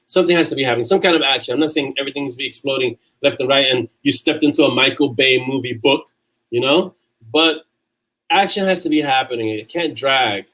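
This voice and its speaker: A man's voice: mid-range voice, fairly bright tone, poor audio. A man with a New York accent hosting a casual livestream, reading viewer comments aloud and answering them in a chatty way. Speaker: livestream host answering chat.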